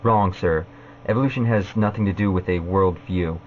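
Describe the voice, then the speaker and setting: A man with a very deep, low voice talks straight to camera in a casual vlog rebuttal. He speaks haltingly, filling gaps with "uh". The audio is dull and lo-fi, with a faint hiss underneath. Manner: halting, with frequent "uh" fillers. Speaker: vlogger.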